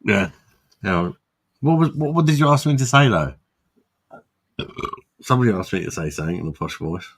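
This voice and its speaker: A man's voice: on the low side, expressive, moderate pace, pauses often. A man hosting a casual drinking livestream, tipsy, swearing and laughing often. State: drunk. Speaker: host.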